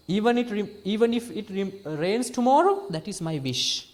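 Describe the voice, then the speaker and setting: This is a Sri man, a Buddhist monk, speaking in a high, light voice. He teaches a small group in a lively, playful way. His delivery swings between quiet, soft phrasing and sudden emphatic rises. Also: normal speed. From Sri Lanka. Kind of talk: dharma talk to a small group.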